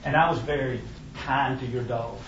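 A man playing a smooth-talking, self-satisfied dog trainer who chats in a soft, reassuring way. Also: mid-range voice, steady tone, moderate pace, slight background noise, voice pushed down, natural voice. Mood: soothing. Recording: echoey room, distant mic, muffled.

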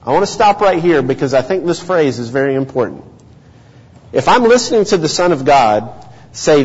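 A man's voice: fairly high pitch, darkish tone, slightly rough. A man preaching a sermon, teaching earnestly and asking rhetorical questions. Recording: dull lo-fi audio with long hall reverb.

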